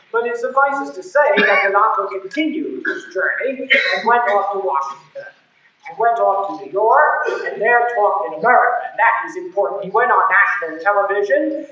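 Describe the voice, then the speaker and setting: A man lectures on history to a university class, dropping dry, ironic asides as he tells the story. His voice has a bright edge and rings around a large, very echoey hall. The recording is a dull, lo-fi 1970s tape. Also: high voice. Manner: emphatic, storytelling delivery. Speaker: history professor.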